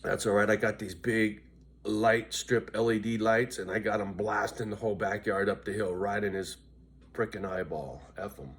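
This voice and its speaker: A man's voice: fairly low pitch, steady tone, moderate pace, a little hiss or hum. A tired, loopy middle-aged man vlogging to his viewers in a casual, rambling way, swearing freely and often asking "right?". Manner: profane, chatty, keeps asking "right?". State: worn out and loopy.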